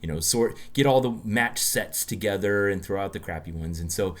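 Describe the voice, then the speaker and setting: A man from the United States with a very low voice, co-hosting a relaxed podcast chat. He tells stories in a loose, chatty way, often stopping and restarting his sentences. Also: normal speed. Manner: chatty storyteller, many restarts. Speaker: podcast co-host. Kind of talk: casual chat.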